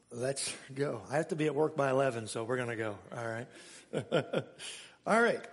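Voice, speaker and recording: A man's voice: fairly high pitch, vocal fry, big-room sound. A man preaching a sermon, telling a story in a chatty way with laughs and asides.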